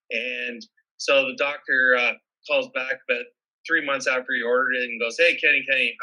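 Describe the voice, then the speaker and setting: A man hosting a show, telling funny stories in a casual, animated way and acting out what people said. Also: mid-range voice, poor audio. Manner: animated storyteller acting out quotes. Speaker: podcast host. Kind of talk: casual storytelling.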